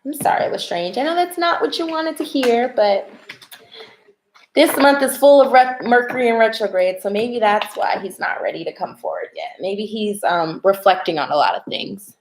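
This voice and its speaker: A young American woman reading tarot cards and chatting casually with viewers on a livestream, excitable and talkative. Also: on the high side, moderate pace, roomy sound, a little hiss or hum. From United States. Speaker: tarot reader.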